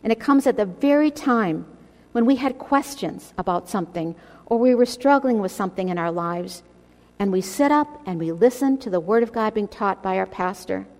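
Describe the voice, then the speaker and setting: A woman's voice: mid-range voice, expressive, moderate pace, a little mellow. A woman teaching a women's Bible study, speaking earnestly and addressing her listeners directly as she exhorts them. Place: church. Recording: long hall reverb.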